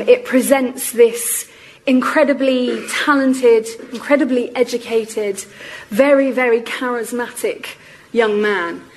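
Woman, slightly high voice, hoarse, measured lecturing, many ums. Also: slight background noise, rough recording. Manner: measured and explanatory, with frequent ums. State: losing her voice. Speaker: lecturer on architectural history. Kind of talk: public lecture.

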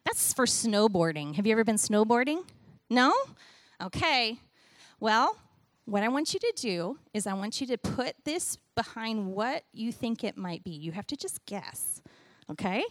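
A middle-aged woman giving a sermon with a children's object lesson, animated and playful as she talks to the kids and the congregation. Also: fairly high pitch, measured pace, no echo, clean studio sound. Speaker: church speaker giving a children's message.

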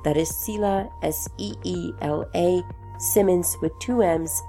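Chatty, gravelly woman podcast host. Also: fairly low pitch, a little slow, mellow, faint music behind. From Afghanistan. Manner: chatty, enthusiastic, folksy. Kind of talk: podcast introduction monologue.

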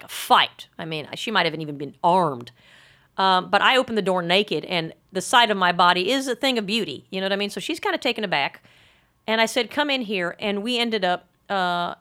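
Bright-voiced woman doing a deadpan rambling monologue. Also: mid-range voice, brisk. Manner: mock-earnest, rambling, frank and crude. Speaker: comic monologuist.

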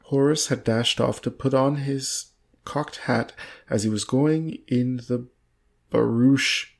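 A man's voice: mid-range voice, steady tone, slow pace, creaky. A man reading an old book aloud, stumbling over words and laughing at the text. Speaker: reader.

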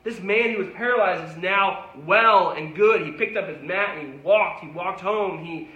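Man, pastor, sermon, high-pitched, bright, conversational emphasis, echoey room. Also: normal speed, dull audio. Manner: conversational preaching with rising emphasis.

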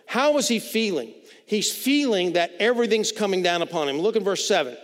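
A man's voice: high voice, lively intonation, fairly quick. A pastor preaching a sermon in a conversational way, often repeating words as he builds his points. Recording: long reverb of a large hall.

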